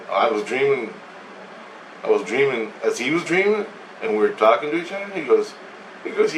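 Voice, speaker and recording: A man's voice: medium pitch, lively intonation, brisk, long pauses, a little hiss or hum. A man casually recounting a dream in a rambling way, often laughing and repeating "he goes" as he retells a conversation. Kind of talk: casual spoken storytelling. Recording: roomy sound, speaker away from the mic, faint ambience.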